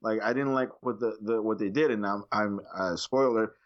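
A man co-hosting a casual movie review chat, animated and swearing freely. He acts out his own reactions with jumps in pitch. The recording is a little dull and lo-fi. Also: moderate pace. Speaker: podcast co-host reviewing movies.

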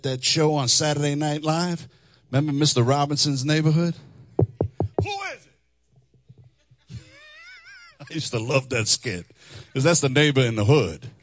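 A middle-aged man preaching a testimony sermon, animated, singing phrases and laughing asides. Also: a little high, no echo, studio quality. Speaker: chaplain and preacher. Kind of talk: testimony sermon with sung lines. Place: church hall before a congregation.

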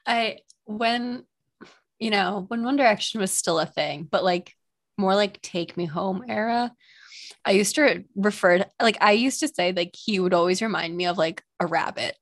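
A woman's voice: medium pitch, moderate pace, no room sound, studio quality. A young woman in her twenties chatting casually as a podcast co-host, easygoing and full of "like" fillers. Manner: easygoing, filler-heavy, agreeing. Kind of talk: casual chat.

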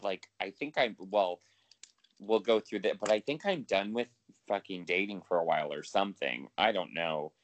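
A man's voice: low-pitched, moderate pace, dull audio. A man co-hosting a podcast in casual chat, talking freely with lots of swearing and laughter. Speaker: podcast co-host.

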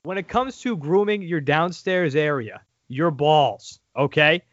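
A man hosting a sports podcast in casual, crude chat. His voice sits high, and the audio is dry and dull. He talks in an animated way with laughing asides. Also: a little slow, dry recording. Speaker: podcast host.

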